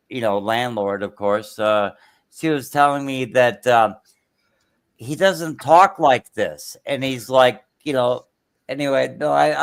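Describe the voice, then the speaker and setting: A man in casual podcast chat, telling a rambling anecdote full of fillers and restarts. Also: medium pitch.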